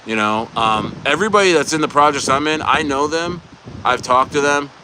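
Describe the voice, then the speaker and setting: A man's voice: on the high side, normal speed, poor audio. A young man hosting a casual livestream, rambling with lots of fillers while outdoors at a beach. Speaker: livestream host. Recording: loud outdoor wind noise.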